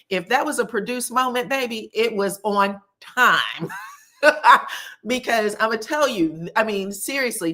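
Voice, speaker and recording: A married woman recapping reality TV episodes on a live stream, chatting casually, calling viewers honey and baby, and acting out quotes from the scenes. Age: adult, married. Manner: acts out quotes from the scenes with lively pitch jumps.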